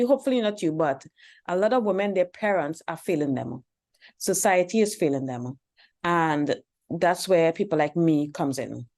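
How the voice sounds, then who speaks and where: A woman's voice: lowish voice, dark tone. A woman hosting a dating advice channel, speaking bluntly and preachily and repeating her points. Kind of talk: commentary on a reaction video.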